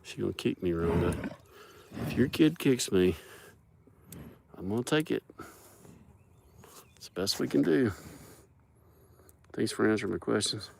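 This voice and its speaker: Gravelly man chatting to his cattle. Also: on the low side, expressive, measured pace, long pauses, a little mellow, slight background noise. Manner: chatty, joking, talks to the animals. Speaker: livestreamer on a farm. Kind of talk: casual live-stream chat. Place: outdoor cattle pasture.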